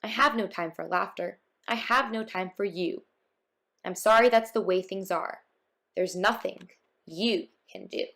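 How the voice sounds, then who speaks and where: A woman's voice: medium pitch, a little slow, gravelly, a bit bright. Woman doing a bitter gloomy businessman. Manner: scoffing and gloomy. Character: glum, bitter man with a briefcase.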